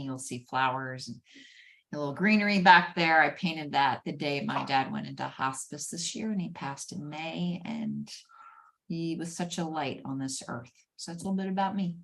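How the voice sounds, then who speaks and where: A woman with a low voice is being interviewed over a video call. She tells her stories in an animated, conversational way and laughs now and then. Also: moderate pace, vocal fry. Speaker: guest, former head of HR.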